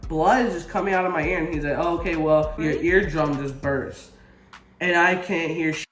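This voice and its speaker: A young man tells a story straight to his viewers, slangy and animated, his voice jumping up when he gets worked up. His voice sits a little high for a man, and it bounces around an echoey room with faint music playing under it. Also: normal speed. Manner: animated, swearing, rising to exclaims when retelling pain. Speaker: vlogger. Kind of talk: casual storytelling to camera.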